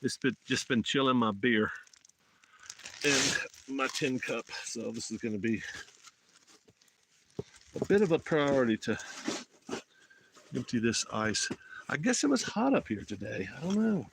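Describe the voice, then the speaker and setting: A man's voice: medium pitch, big pitch swings, a little slow, vocal fry, pauses often. Southern guy from alabama rambling on a phone livestream outside in the mountains, middle voice, bit of hiss. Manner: rambling, folksy, talks to viewers in chat. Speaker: motorcycle travel vlogger. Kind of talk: casual live-stream chat. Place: outdoors in the mountains.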